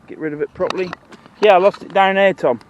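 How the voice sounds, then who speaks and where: A man's voice: sits high, steady tone, fast talker, lo-fi sound, slight background noise. A man with a Norfolk accent, chatting casually to camera while fishing outdoors, rambling in broad dialect. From Norfolk, England. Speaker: fishing vlogger. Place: outdoors by the water.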